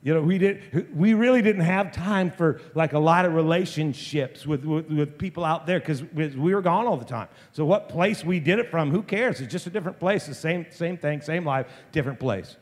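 A man in his fifties, a pastor telling a story in a sermon, often halting and restarting his sentences. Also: on the high side. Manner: halting, full of repeated restarts. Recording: long reverb of a large hall.

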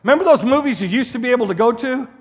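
A middle-aged man preaches with a high, slightly husky voice. He talks emphatically, circling back and restarting phrases as he drives a point home. His sermon rings out in a church hall with a long reverb. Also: expressive, rapid-fire. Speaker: guest pastor.

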